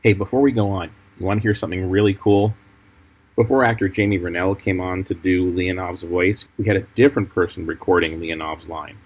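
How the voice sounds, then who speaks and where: A film editor walks through his cuts in a measured, explanatory tone. His voice is very deep and husky. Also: steady tone, rough recording. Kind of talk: commentary over film clips.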